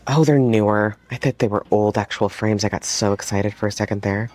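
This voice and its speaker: In a thrifting vlog shot on a handheld phone inside a thrift store, a woman who resells vintage home decor chats casually, gushing with excitement and often slipping into a whisper. Her voice is extremely low, and she speaks fairly quickly.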